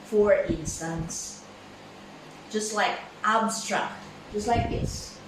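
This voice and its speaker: A woman teaching English pronunciation gives a slow classroom lesson, halting and full of fillers and repeated words. Her mid-range voice sounds distant from the mic in an echoey room with background noise.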